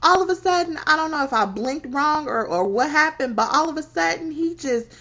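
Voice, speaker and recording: A woman in her thirties frankly telling a personal story on her vlog, animated and laughing between phrases. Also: sits high, fairly quick. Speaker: vlogger. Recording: dull lo-fi recording.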